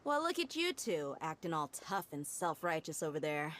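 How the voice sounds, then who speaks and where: Dehya, a tough female mercenary in a game, speaks in a brash, scolding voice that swings widely in pitch. There is a faint hiss of noise behind her. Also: sing-song, normal speed, a bit bright. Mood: scornful. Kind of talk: video game voice acting.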